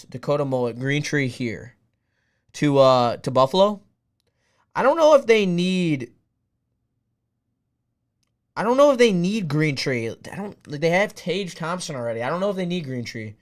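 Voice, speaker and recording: A young man hosting a casual live stream. He rambles, answers his chat and sometimes breaks into loud hype cheering. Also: medium pitch. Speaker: streamer hosting a draft watch party.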